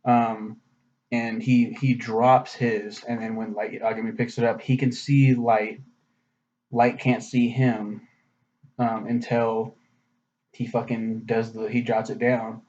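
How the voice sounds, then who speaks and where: A man's voice: mid-range voice, level tone, takes it slowly, a little mellow, a little hiss or hum. Profane, rambling man with muffled audio. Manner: profane, sarcastic, loose. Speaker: anime reviewer. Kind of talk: casual rambling review.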